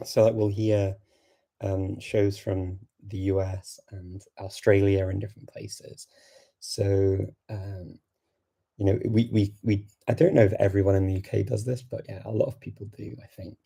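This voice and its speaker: A man's voice: on the low side, little pitch movement, normal speed, vocal fry, mellow, breathy edge. A British man hosting a casual livestream Q&A, chatty, laughing often, full of fillers. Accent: British English. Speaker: host of a language livestream.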